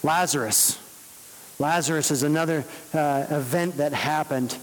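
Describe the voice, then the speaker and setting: Male pastor, sermon delivery, slightly high voice, long hall reverb. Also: measured pace.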